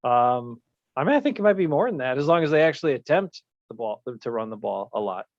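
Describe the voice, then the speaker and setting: A man's voice: mid-range voice, big pitch swings, fast, dry recording. A man co-hosting a live show, chatting casually and easily, with some hesitant fillers. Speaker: podcast co-host. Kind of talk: casual sports chat. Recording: dry, dull lo-fi stream audio.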